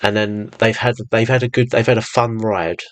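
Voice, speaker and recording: A man co-hosting a podcast in casual chat, talking in a halting way with frequent restarts. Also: fairly low pitch, fairly even intonation, dry recording. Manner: halting, restarts sentences often. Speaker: podcast co-host.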